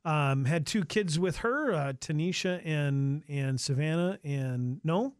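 Guy hosting talk radio, kinda higher voice, lots of ums, dry studio mic. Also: animated, smooth, no echo. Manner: halting, filler-heavy, chatty. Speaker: radio talk show host. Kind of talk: casual radio interview. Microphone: studio microphone.

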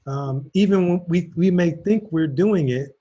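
A man's voice: fairly high pitch, measured pace, warm tone. A man hosting a casual conversation, speaking reflectively and telling a personal story with laughs. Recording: dull lo-fi audio.

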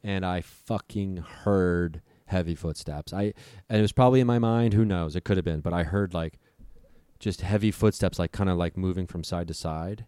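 A man's voice: low voice, normal speed, mellow, clean tone, no echo, clean studio sound. A young man telling a frightening story in casual conversation, vivid and profane, acting out what people said. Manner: vivid, profane, acts out voices. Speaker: storyteller guest.

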